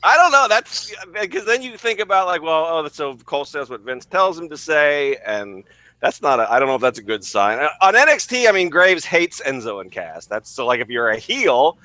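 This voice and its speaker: Male podcast co-host, slightly high, animated, rambling teaser. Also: normal speed, no room sound. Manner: rambling, restarts, teasing. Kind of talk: casual podcast banter.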